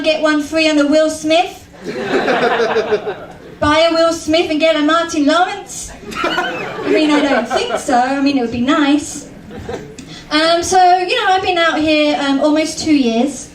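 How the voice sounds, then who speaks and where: High-voiced British woman doing stand-up. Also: unhurried. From Britain. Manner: chatty, self-mocking, frequent ums. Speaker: stand-up comedian. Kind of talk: stand-up comedy set. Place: comedy club stage. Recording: echoey club, mic at a distance, faint room noise.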